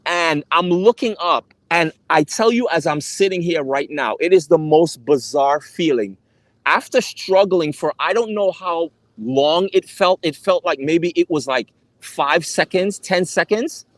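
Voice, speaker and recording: A man's voice: high-pitched, fairly bright tone, no room sound. Earnest man telling a story to camera. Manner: earnest, emphatic, repeats himself. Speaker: travel vlogger.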